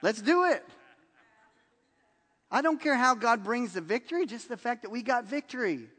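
A man's voice: extremely high pitch, moderate pace, in a large hall. A man preaching a sermon, telling stories and acting out the lines people said in them. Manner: animated storytelling, acts out quotes with laughs. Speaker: pastor.

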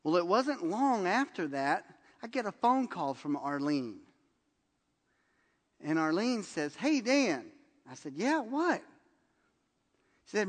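In a high-pitched voice that sounds like it fills a big room, a male pastor delivers a sermon. His storytelling is lively, and he acts out what people said, laughing as he goes.

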